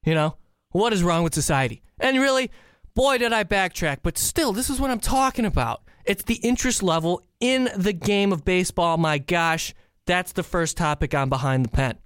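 A man from the Chicago area hosting a podcast, telling a story in an animated, incredulous way. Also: sits high, normal speed, smooth, no echo, studio quality. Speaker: podcast host. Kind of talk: casual solo podcast rant.

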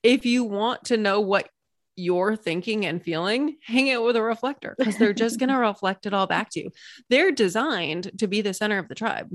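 An enthusiastic woman coach explaining concepts to an interviewer, painting vivid little scenes as she goes. Her voice is mid-range, neither high nor low. The sound is close and dry, with no room echo. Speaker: Human Design coach, guest.

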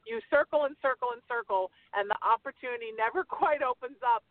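A woman co-hosting a casual radio talk show, chatting in a lively way. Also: on the high side, a little fast, no echo. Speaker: co-host. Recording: phone-like narrow band.

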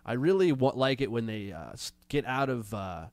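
Male host, sarcastic commentary, a bit under the weather; smooth, close and dry. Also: medium pitch, very animated, darkish tone, no echo. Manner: sarcastic, mocking, drawn-out jokes. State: has a cold. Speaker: livestream show host. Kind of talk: casual commentary reacting to clips and chat.

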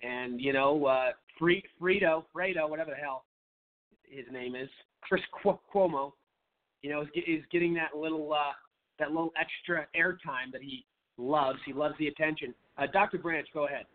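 A man hosting a political talk show, sounding indignant and stumbling through fillers. His voice sits a little high for a man, and it comes over a thin, phone-like line. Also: moderate pace.

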